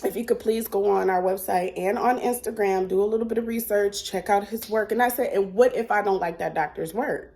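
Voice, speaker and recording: A woman's voice: medium pitch, brisk, few pauses, darkish tone. A woman telling a storytime vlog into a phone held at arm's length, acting out a phone call as she goes. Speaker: vlogger.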